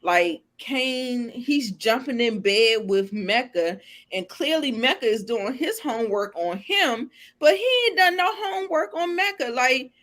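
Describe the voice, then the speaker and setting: A woman's voice: fairly high pitch, animated, unhurried, a bit bright. A woman co-hosting a casual TV recap chat, chatty and full of "like" fillers. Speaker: co-host.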